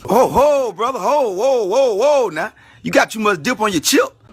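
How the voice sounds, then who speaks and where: Man doing a loud buddy voice, booming, raised pitch, slightly husky, drawn-out exclamations. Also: animated. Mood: alarmed.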